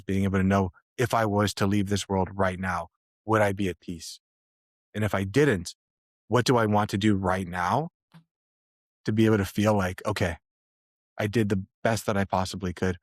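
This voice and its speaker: Earnest man, low voice, dry sound. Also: no echo. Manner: earnest, measured, philosophical. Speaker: podcast co-host. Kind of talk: reflective podcast talk.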